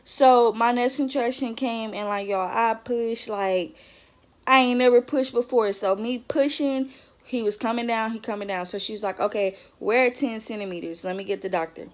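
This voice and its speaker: A young woman, telling her own story to the camera in a chatty vlog, with lots of fillers and asides to viewers. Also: medium pitch. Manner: chatty, many fillers, talks straight to viewers. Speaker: vlogger.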